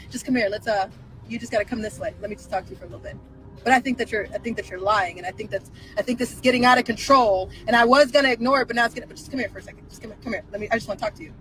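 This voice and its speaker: A woman putting on the voice of a two-faced authority figure who coaxes someone to come closer for a private talk, hushed and insincere. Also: fairly high pitch, steady tone, racing, few pauses, over music, close to an everyday voice, poor audio. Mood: coaxing, hushed.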